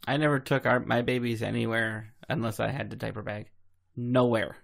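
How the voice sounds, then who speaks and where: Male podcast co-host, heavily gravelly voice, mid pitch, wry interjections between laughs. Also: little pitch movement, normal speed. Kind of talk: casual comedic banter.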